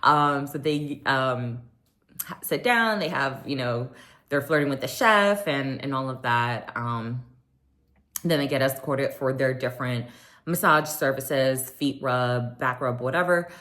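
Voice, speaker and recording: Woman with a pretty low voice, chatty tv recap, lots of ums. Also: expressive, measured pace, a bit bright. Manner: chatty, many fillers, acts out quotes. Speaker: reality TV recap vlogger. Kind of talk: casual recap chat.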